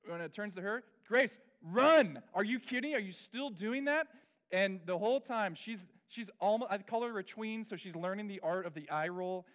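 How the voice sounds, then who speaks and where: A middle-aged pastor telling a personal story in a sermon, candid and animated, dropping to soft confessional tones. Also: male voice, sits high.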